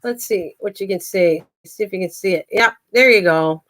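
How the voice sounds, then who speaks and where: A woman's voice: mid-range voice, normal speed, hardly any pauses, a bit bright. An older woman hosting her own channel, chatting casually to the camera and talking to her pets as she goes. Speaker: craft and garden channel host.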